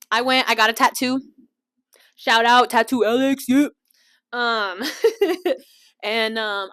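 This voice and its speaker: Bright, bubbly young woman telling stories. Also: mid-range voice. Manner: animated, laughing, acts out other people's voices. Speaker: podcast host. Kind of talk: casual storytelling chat.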